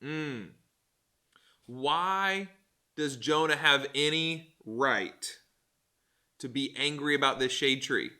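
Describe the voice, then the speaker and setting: Youth pastor guy joking through a bible lesson, bright slightly high voice. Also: slow pace, long pauses. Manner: animated, joking, conversational with fillers.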